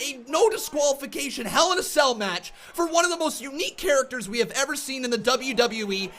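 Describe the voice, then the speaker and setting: A man ranting furiously on a live reaction stream, shouting, swearing and repeating words in angry bursts. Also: extremely high pitch, lively intonation, brisk, hardly any pauses.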